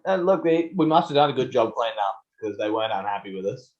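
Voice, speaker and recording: Podcast co-host, wry and teasing, middle pitch, muffled lo-fi recording. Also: male voice, lively intonation, fast talker. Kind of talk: casual chat. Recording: dull lo-fi recording.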